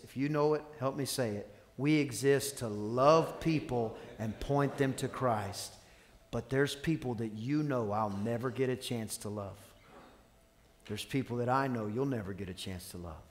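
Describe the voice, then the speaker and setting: A man, a pastor, preaching a sermon, telling stories with quoted dialogue and calling on the congregation to respond. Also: mid-range voice. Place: church sanctuary. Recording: long reverb of a large church hall.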